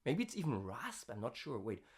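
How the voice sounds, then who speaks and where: A scream vocalist in a casual practice diary, winded from screaming, with a gravelly fry texture, chatting between takes and sometimes dropping to a hushed whisper. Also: mid-range voice, big pitch swings, moderate pace.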